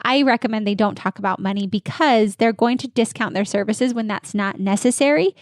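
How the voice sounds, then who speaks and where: A woman dental practice consultant giving energetic, confident coaching answers in an interview. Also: fairly high pitch, brisk, dry recording, studio quality.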